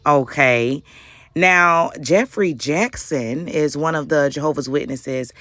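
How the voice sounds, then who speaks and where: A woman vlogger telling a story in a casual, animated, slangy way with frequent laughter. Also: deep voice, slow pace, dry recording. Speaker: YouTube vlogger. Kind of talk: casual commentary vlog.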